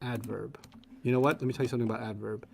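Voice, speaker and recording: A man's voice: mid-range voice, fairly even intonation, rapid-fire, creaky, noisy background. A man teaching a class, playful and teasing, laughing easily with his students.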